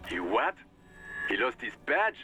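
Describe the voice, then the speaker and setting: An actor playing a gruff, foul-mouthed male cop in a game, scornful and cursing. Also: mid-range voice, very animated, a little slow, bright, forceful tone, faint music behind.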